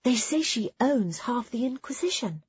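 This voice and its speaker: A woman's voice: a little high, sing-song, normal speed, husky, dry recording, highs cut off, pitched above the performer's own voice, exaggerated voice. A woman voicing a knowing young girl novice who talks in a dry, hissing way. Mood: hushed.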